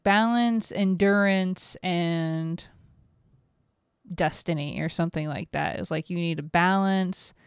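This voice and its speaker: A middle-aged woman hosting a podcast alone, rambling and self-mocking in casual talk, swearing freely, recorded on a close mic in a quiet room at home. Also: lowish voice, clear, resonant tone, no room sound. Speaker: podcast host. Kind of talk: casual solo podcast monologue.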